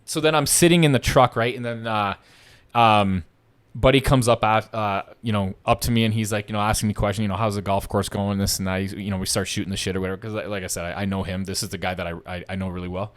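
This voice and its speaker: Speaking quickly in a fairly low voice, this young man tells a story during laid-back podcast banter. His delivery is profane and lively, and he performs the other people's lines himself.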